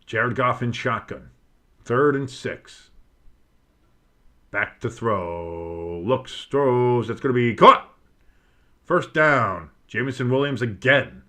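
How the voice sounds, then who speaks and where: A man's voice: medium pitch, takes it slowly, sharp tone. A tired man doing casual play-by-play commentary on a football game from his home setup, breaking off the calls with asides and other scores. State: tired, yawning. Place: home studio with a dog and fireworks outside.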